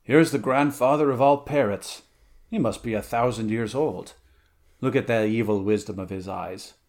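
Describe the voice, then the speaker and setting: A man reading aloud, voicing a brawny male barbarian warrior who talks bluntly and gruffly. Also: mid-range voice, moderate pace, a little mellow, close to an everyday voice. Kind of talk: audiobook character reading.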